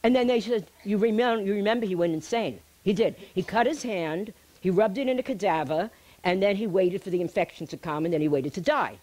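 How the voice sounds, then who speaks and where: A middle-aged woman speaking to a live audience, telling a personal story in a chatty, animated way and laughing at herself. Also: mid-range voice, fairly quick. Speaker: speaker giving a healing talk.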